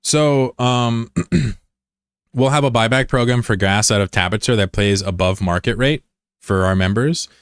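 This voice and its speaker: A man's voice: medium pitch, measured pace, clean tone, dry recording. A man from the United States streaming live and chatting casually with viewers, blunt and profane, arguing with critics in the chat. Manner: blunt and profane, often swearing; argumentative when answering critics. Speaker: livestreamer.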